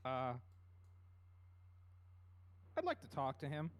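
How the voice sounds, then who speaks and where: A man's voice: mid-range voice, wildly swooping pitch, slow. A man playing a tabletop game, talking casually, with hesitant stammers and a playful tone. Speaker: player. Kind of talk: casual tabletop gaming chat.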